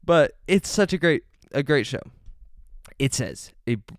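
Recorded in a clean studio with no echo, this young podcast host speaks in a mid-range voice with lively intonation and an unhurried pace. His casual solo chat keeps drifting off into tangents, peppered with frequent ums.

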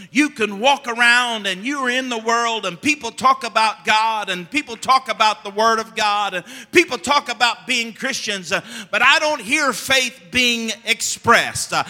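A man pastor preaching a fervent sermon, rising to loud emphasis and dropping to quiet asides. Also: very high-pitched, big-room sound.

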